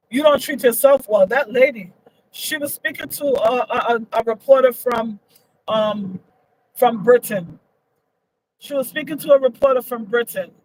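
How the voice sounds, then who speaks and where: A woman's voice: a little high, slight background noise, low-quality recording. A woman giving her opinions in a casual vlog, emphatic and repetitive, her voice leaping up when she gets indignant. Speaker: vlogger.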